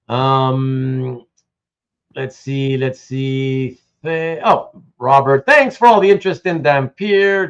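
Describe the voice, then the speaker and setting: A Canadian man hosts a casual live stream with a lively, swooping voice that sits a bit high. He tells stories in an animated way and restarts his words often. The audio is dull and lo-fi. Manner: animated storyteller, many restarts. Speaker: host. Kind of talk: casual livestream chat.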